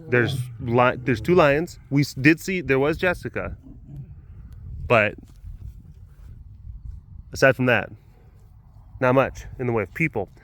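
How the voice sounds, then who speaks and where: A man's voice: medium pitch, a bit bright. A man vlogging outdoors at a wild animal facility, rambling and joking with many restarts. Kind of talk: casual rambling vlog commentary.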